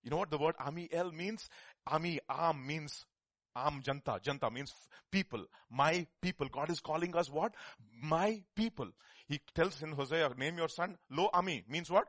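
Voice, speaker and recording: A man preaching a sermon. He swings between loud, emphatic declarations and quiet, low asides, often restarting and repeating his phrases. The sound is close and dry. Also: moderate pace, no room sound.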